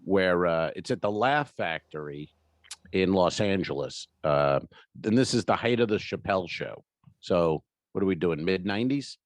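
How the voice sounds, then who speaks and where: A man's voice: deep voice, lively intonation, normal speed, no room sound. A man co-hosting a comedy podcast, telling a story in casual chat and swearing freely.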